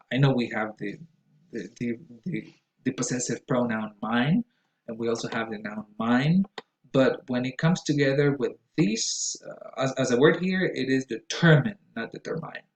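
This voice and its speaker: A man teaching pronunciation in a lecture style, explaining patiently and repeating each word for emphasis. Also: mid-range voice. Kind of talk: classroom lecture. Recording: echoey room.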